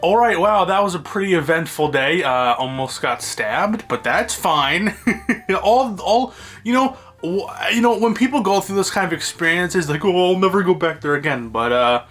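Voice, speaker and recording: Man, casual rambling vlogger on a phone mic, bright tone, faint music under. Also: sits high, very animated, measured pace. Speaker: video blogger. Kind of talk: casual storytelling to camera. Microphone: phone held by himself.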